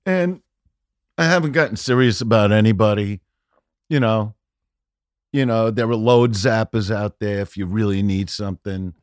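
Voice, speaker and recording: A male guest comedian telling a story in casual podcast chat, brash and profane, often rising into loud rants. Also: fairly low pitch, normal speed, pauses often, dry recording, clean studio sound.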